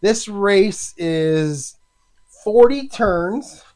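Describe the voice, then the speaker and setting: A man casually talking himself through a solo tabletop racing game, chatty and halting, with lots of fillers. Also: high-pitched, animated, dark tone.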